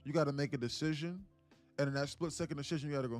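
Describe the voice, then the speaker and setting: A man's voice: on the high side, racing, a little mellow, soft background music. Emphatic blunt male trading streamer. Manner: emphatic, blunt, keeps calling out to viewers; casual with swearing. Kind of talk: live-stream coaching talk.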